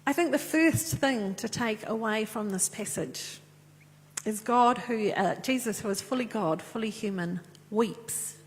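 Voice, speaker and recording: A woman's voice: a little high, measured pace. A woman preaching a sermon and reading scripture in an earnest, conversational way. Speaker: pastor. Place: church. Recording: echoey church with faint hum.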